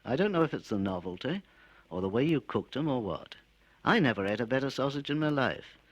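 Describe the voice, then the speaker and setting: A man's voice: mid-range voice, expressive, brisk, dry recording, highs cut off, pitched above the performer's own voice, natural voice. A man voicing Fred, a grieving rustic showman with plain country speech, on an old spoken-word record. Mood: contented.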